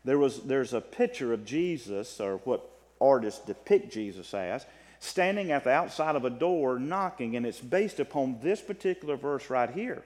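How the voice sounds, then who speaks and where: Lively-voiced preacher in an echoing hall. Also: male voice, mid-range voice, moderate pace. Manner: animated preaching with rising and falling delivery. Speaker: pastor. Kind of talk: sermon. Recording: long reverb of a large hall.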